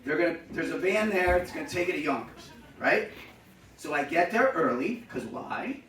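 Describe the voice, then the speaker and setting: Male storyteller, animated, high voice, bright tone, echoey venue mic from a distance. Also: moderate pace, a little hiss or hum. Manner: animated, acts out shouting voices. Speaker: comedic storyteller. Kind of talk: live storytelling set. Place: live venue with audience.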